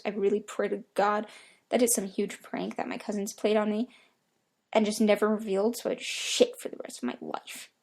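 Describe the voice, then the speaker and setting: A woman's voice: mid-range voice, vocal fry, darkish tone. A young woman narrating a creepypasta horror story in a casual, profanity-laden storytelling manner. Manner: casual storytelling with heavy swearing. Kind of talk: creepypasta reading.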